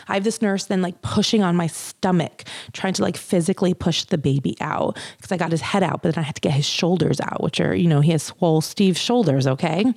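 A young woman shares a birth story in a casual, candid way, with the odd swear thrown in. Her voice sits low and carries a gravelly fry. The sound is close and dry, with no room around it. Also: brisk, darkish tone, no echo. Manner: candid, chatty, swears, quotes others in raised voices.

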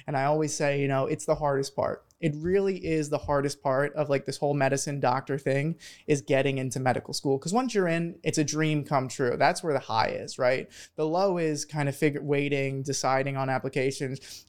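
Excitable young man, smooth clear voice. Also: mid-range voice. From Philadelphia, US. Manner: energetic, animated, fast-talking with restarts. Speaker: guest, medical student. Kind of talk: casual interview storytelling.

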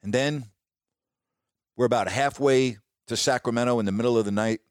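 A middle-aged man, a sports broadcaster, telling stories casually and warmly, dropping his voice when he quotes others. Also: normal speed, no room sound, clean studio sound. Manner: warm, reminiscing, quotes others in a lowered voice. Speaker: sports broadcaster, podcast host. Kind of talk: casual storytelling monologue.

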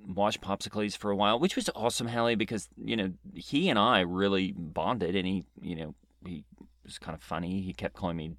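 Man, low-pitched, deadpan improv storyteller, dry close mic. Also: a little fast, no room sound. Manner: deadpan, rambling, hesitant with many restarts. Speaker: comedy podcast co-host. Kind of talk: improvised character comedy chat.

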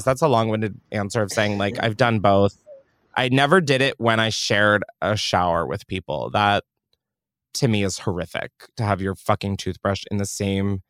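A young man hosting a podcast in casual chat, animated and swearing freely. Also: lowish voice, no echo, clean studio sound. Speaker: podcast host.

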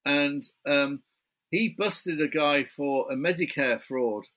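A man's voice: fairly high pitch, slow, bright, forceful tone. A British man, an author guest in a remote interview, chatty and building his story point by point. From Britain.

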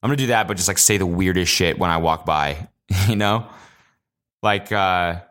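A man's voice: sits low, normal speed, a bit bright. A young man hosting his own podcast alone, telling rambling, profane, jokey stories and acting out quotes in exaggerated voices. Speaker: podcast host. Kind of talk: casual solo podcast monologue.

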